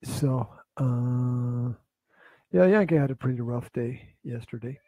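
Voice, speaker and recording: Male podcast co-host, mellow husky voice, dry close sound, deliberate and wry. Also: medium pitch, dry recording, dull audio. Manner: slow, halting, repeats words, dry teasing. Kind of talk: casual chat.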